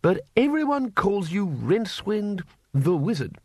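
Man doing a high, brusque old wizard boss for an audiobook, close and dry. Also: sing-song, a little slow, slightly rough, no echo, full character voice. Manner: booming, brusque, commanding. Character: blustering elderly male wizard head. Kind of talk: audiobook character voice.

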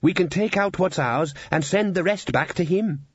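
A man's voice: high voice, normal speed, husky, no echo, highs cut off, voice pushed up. A man voicing a young male musician who speaks urgently.

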